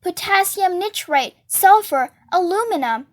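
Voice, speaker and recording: A woman voicing a tiny, brainy, excitable teenage boy who shouts and gives orders. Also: sits high, moderate pace, lightly acted. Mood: excited shouting. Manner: shouting eager and bossy.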